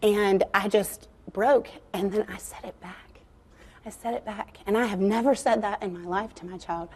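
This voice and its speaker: A woman's voice: medium pitch, steady tone, normal speed, a little mellow, breathy edge. A woman, a guest author, talking candidly about faith and family in an earnest, confiding way with frequent fillers.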